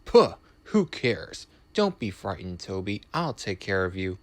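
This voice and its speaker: A man's voice: sits low, sing-song, measured pace. A man voicing a proud, impatient male engine who turns brash and bossy. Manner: brash, then flustered and stammering.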